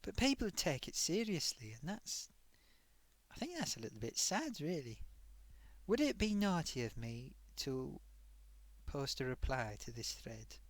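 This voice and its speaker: A man's voice: fairly high pitch, big pitch swings, measured pace, no room sound. A man hosting a casual live stream, reading out forum comments with a chatty, self-amused manner.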